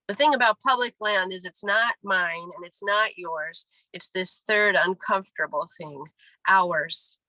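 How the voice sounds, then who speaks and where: A woman in her forties reads her poems aloud with a wry, deadpan delivery. Her voice is bright and forward, recorded dry and close with little room sound. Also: lowish voice, measured pace, no echo, low-quality recording. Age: 40s. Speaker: poet. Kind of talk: poetry reading. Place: reading venue.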